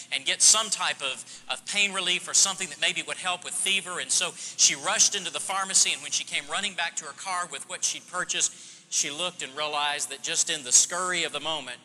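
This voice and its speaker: Bright-voiced preacher in a reverberant hall. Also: male voice, high voice. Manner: storytelling preacher, shifts from hushed to emphatic. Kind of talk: sermon.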